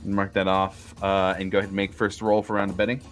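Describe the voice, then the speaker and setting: A man's voice: low voice, monotone, quick pace, faint music behind. A man narrating as game master of a tabletop game, hesitant and full of fillers.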